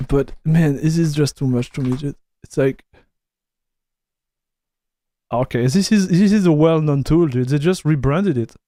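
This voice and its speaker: Male streamer, casual and rambling, restarts a lot, fairly high voice. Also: mellow, dry recording, studio quality. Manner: fast, loose talk with many restarts and "dude", "bro". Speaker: streamer reviewing software. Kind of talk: casual live-stream chat.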